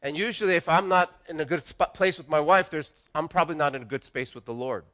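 A man's voice: a little high, fast talker, pushed and bright. A middle-aged man preaching a sermon as pastor, earnest and conversational, often restarting his phrases.

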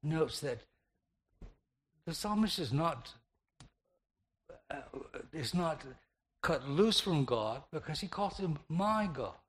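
Slow, deliberate male preacher. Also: a little high, expressive, a bit bright. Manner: deliberate, repeats phrases with shifting emphasis. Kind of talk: slow meditative sermon.

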